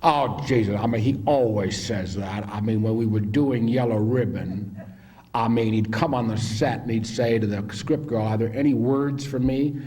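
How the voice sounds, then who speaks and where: A man's voice: lowish voice, normal speed, close to an everyday voice. A man impersonating a blunt, bossy older male film director who speaks in curt, repeated phrases. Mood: grumbling. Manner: curt, repeats himself flatly.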